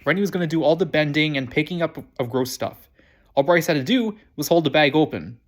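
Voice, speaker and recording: A man reading a children's novel aloud, quick and prone to restarting phrases. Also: a little high, animated. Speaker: reader.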